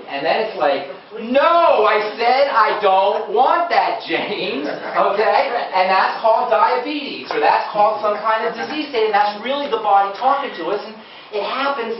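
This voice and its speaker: Man lecturing in an echoey room. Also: high voice. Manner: conversational, quizzes the audience. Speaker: nutrition speaker. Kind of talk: live seminar talk to an audience. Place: lecture room with a live audience. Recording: dull, echoey room from far off.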